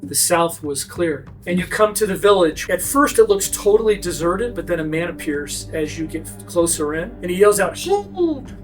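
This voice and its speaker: A man narrating a tabletop role-play game as game master, setting each scene in brisk detail. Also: sits high, soft background music.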